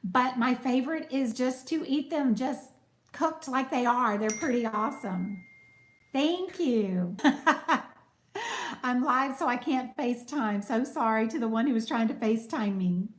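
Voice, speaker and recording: A woman chats casually on a live stream, reading and answering viewer comments. Her voice is high and soothing. The room around her is noticeably echoey. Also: normal speed. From United States. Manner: chatty, warm thanks to viewers, reads comments aloud. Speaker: cooking channel host.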